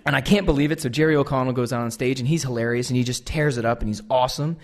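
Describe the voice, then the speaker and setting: Speaking very fast at a medium pitch, an American man in his thirties appears as a guest speaker before a live audience. He tells a comic, self-deprecating story, acting out the dialogue.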